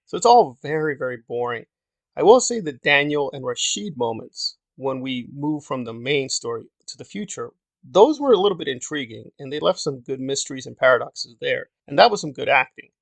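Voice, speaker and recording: A man's voice: medium pitch, animated, normal speed, gravelly, no room sound. A man giving a casual, opinionated review monologue, critical and exasperated, with sarcastic asides. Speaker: video reviewer.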